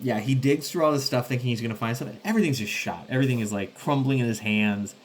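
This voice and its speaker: Male solo tabletop player who thinks aloud and rambles, mid-pitched voice, faint background hum. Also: quick pace. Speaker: solo game player and host. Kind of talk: casual solo tabletop play-through.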